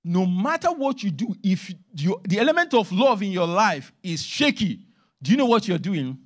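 A male minister preaching a sermon in church, emphatic, swinging between loud stresses and hushed asides. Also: high voice, very animated, normal speed.

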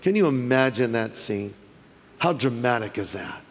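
A man from California preaching a sermon as pastor, animated and humorous, acting out voices in his stories. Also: mid-range voice, moderate pace. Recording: long reverb of a large hall.

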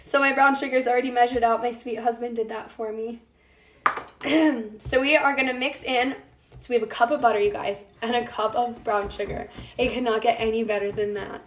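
A fairly high-voiced young woman chats her way through a cooking demo, talking straight to her viewers and answering their comments. She is getting over a lost voice. The kitchen sounds echoey, with faint noise behind her. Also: fairly even intonation, brisk. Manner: chatty, talks to viewers as "you guys" and answers comments. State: recovering from a lost voice. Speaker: cooking show host. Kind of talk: chatty live cooking demonstration. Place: home kitchen.

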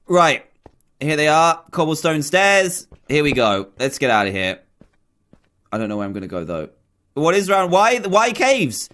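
A man's voice: mid-range voice, a bit bright. A man hosting a gaming video, giving jumpy let's-play commentary, exclaiming often and talking to the game's characters.

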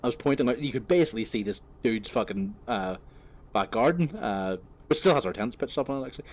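A man talks while driving his truck, rambling through stories with lots of swearing and fillers. His pitch sits mid-range but moves about a lot. He laughs at himself as he goes. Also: expressive, fast talker. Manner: swearing, self-mocking, rambling with many fillers. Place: inside a truck cab on the road.

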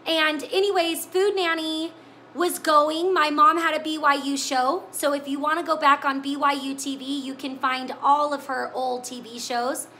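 A woman's voice: high voice, level tone, normal speed, pushed and bright, a little hiss or hum. A woman hosting a live cooking stream, chatting with viewers in an emotional, tearful way. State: crying. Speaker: cooking show host. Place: home kitchen.

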